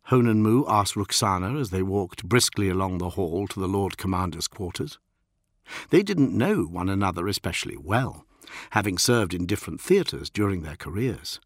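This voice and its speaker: A man reading a science fiction audiobook in a measured, dramatic way. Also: deep voice, lively intonation, no room sound, studio quality. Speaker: audiobook narrator. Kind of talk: scripted narration of science fiction.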